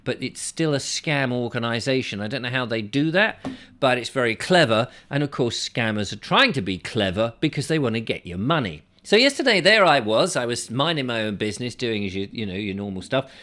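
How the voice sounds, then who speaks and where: Very animated and brisk, this vlogger and show host has a mid-range, fairly bright voice. He rambles through a story in a casual to-camera monologue, sprinkling in wry asides.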